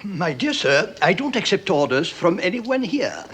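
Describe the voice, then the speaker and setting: An actor playing a stiff, haughty French colonial governor in a 1950s film, speaking formally and with disdain. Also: male voice, high voice, big pitch swings, measured pace, fairly bright tone, slightly rough, exaggerated voice.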